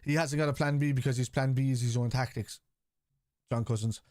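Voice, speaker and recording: A man's voice: mid-range voice, steady tone, brisk, darkish tone, dry recording, clean studio sound. A man hosting a live fan watchalong, reading out and answering viewer chat in a blunt, casual way, swearing freely. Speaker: fan channel host.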